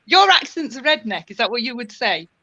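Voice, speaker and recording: A woman's voice: fairly high pitch, sing-song, fairly quick, crowd noise. A woman with a Northern English accent, chatting casually and laughing often. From Northern England. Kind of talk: casual chat. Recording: dull lo-fi audio.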